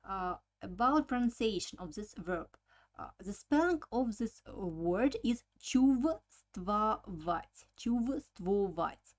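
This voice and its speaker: Female language teacher, unhurried delivery, mid-pitched voice, halting explanations, patient word-by-word drills. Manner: hesitant, many filler sounds, repeats words for drilling. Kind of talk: slow explanatory language lesson.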